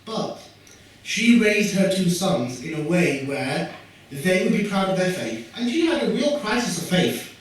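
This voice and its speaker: A young man with a Yorkshire accent tells jokey stories to a live audience, making quick asides to them. His voice sits fairly high. He is picked up from far off in a very echoey hall, with faint noise behind him. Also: big pitch swings. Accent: Yorkshire English. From Yorkshire, England. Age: young adult. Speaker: youth worker giving a talk. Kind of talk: storytelling talk at a community event. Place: community event hall.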